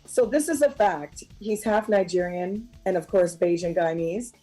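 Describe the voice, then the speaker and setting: A woman co-hosting a simulcast radio chat, a little under the weather and speaking in a relaxed, chatty way. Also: on the low side, normal speed, soft background music, rough recording.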